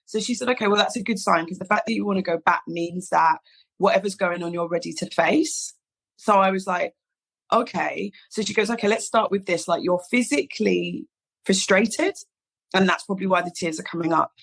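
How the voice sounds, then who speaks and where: A little fast and medium-pitched, her voice has some vocal fry. She's a podcast guest and hairstylist founder sharing a personal story in casual chat, animated as she acts out the quoted dialogue and peppers it with "like."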